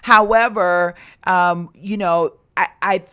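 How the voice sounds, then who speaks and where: A woman's voice: fairly low pitch, fairly even intonation, slow pace, a bit bright, smooth. A middle-aged woman from Maryland, a recruitment and staffing coach, giving a motivational business tutorial in an upbeat tone with fillers and restarts. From Maryland, USA.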